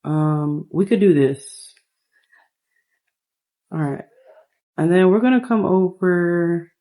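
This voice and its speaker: A woman's voice: lowish voice, takes it slowly, dark tone. Chatty young woman narrating gameplay. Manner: chatty, exasperated asides. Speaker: game streamer. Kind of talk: casual gameplay commentary.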